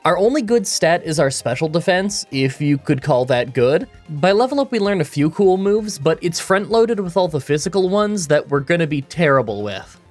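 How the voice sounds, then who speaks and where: A man's voice: fairly high pitch, very animated, normal speed, soft background music. A man reading scripted voice-over commentary for a game challenge video, with a groggy morning voice, a stuffy nasal sound and dry self-mocking humor, recorded in a booth. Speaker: gaming YouTuber.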